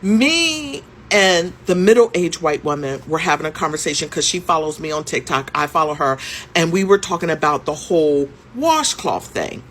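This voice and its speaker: A woman's voice: sits low, expressive, moderate pace, fairly bright tone, a little hiss or hum. A woman in her fifties telling a story in a conversational, emphatic way, with frequent rhetorical questions. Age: 50s. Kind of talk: storytime vlog.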